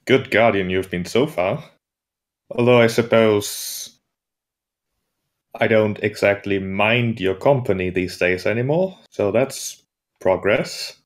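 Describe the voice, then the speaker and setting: A man's voice: fairly low pitch, takes it slowly. A man playing his character in a tabletop game, answering with wry, dry retorts. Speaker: player. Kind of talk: in-character tabletop role-play.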